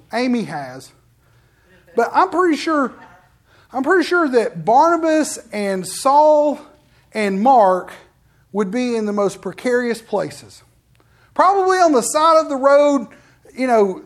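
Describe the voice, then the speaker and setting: A middle-aged man, a pastor telling personal stories in an animated sermon and acting out quoted voices. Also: very high voice. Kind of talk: storytelling sermon.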